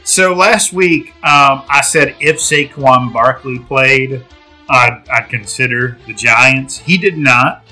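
Male co-host, husky bright voice, hesitant and giggly, faint music under. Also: medium pitch, slow. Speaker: podcast co-host. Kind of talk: casual sports betting chat.

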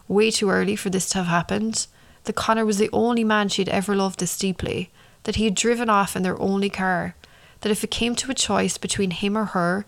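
A woman narrating a true-crime story in a measured way, slowing down for the dramatic moments and adding her own commentary. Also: mid-range voice, vocal fry.

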